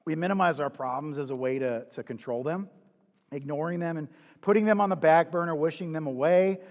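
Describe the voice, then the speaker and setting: A man's voice: fairly high pitch, a little mellow, in a large hall, dull audio. A man preaching in a conversational, confessional way, asking the listener rhetorical questions. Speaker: pastor. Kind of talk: sermon.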